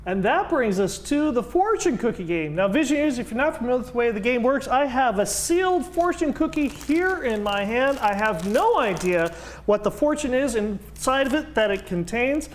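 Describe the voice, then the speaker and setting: A man hosting an interview show, asking questions and setting up a quick game with brisk explanations. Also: very high-pitched, big pitch swings, a little hiss or hum. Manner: brief affirmations, game-show style setups. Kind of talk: interview host, casual chat.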